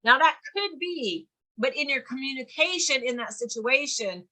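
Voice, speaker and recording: A woman's voice: sits high, expressive, normal speed, sharp tone. A woman with a Southern US accent teaching a real estate continuing-education class. She stresses her points emphatically and often repeats them. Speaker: real estate course instructor.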